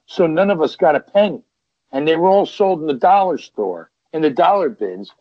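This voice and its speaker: A man's voice: fairly high pitch, normal speed, no room sound. A middle-aged man, a veteran wrestler and podcast guest, telling stories in a rambling, casual way with lots of restarts. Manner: rambling, restarts and repeats, lively retelling of quotes. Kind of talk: casual storytelling. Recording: dull, dry sound.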